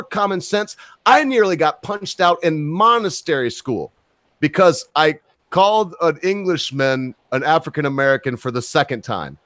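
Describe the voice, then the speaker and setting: Rambling man with a higher voice. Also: fairly bright tone, no room sound. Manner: rambling, profane, loses his train of thought. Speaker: podcast host. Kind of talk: casual opinionated chat.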